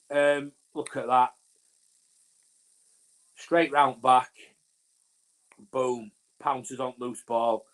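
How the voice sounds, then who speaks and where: A man from Northern England co-hosting a live fan watch-along of a rugby league match, rambling commentary with fillers and restarts. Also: on the high side. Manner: rambling, talks over his co-host, frequent fillers and restarts.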